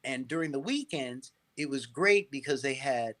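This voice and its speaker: Animated middle-aged male storyteller. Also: medium pitch, moderate pace. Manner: animated storyteller, repeats and restarts phrases, checks in with "right?". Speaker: interview guest. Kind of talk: casual interview storytelling.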